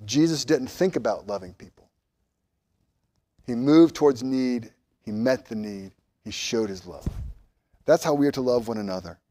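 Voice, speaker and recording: A man's voice: moderate pace, pauses often. Impassioned male pastor preaching. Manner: animated, rising loud on emphasis, dropping soft and low. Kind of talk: sermon.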